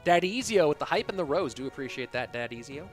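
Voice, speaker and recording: A young man with a high, bright-pitched voice calls a live esports match. He cracks jokes and answers chat questions between the action. Faint music plays in the background. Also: animated, fast. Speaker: esports caster. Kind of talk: live game commentary and reading chat.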